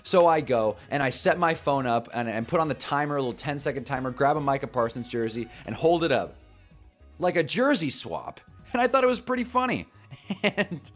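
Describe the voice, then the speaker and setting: Hosting a live football talk show, a young man tells a story briskly and with lots of energy, chuckling at his own jokes. His voice is mid-range, and faint music plays in the background.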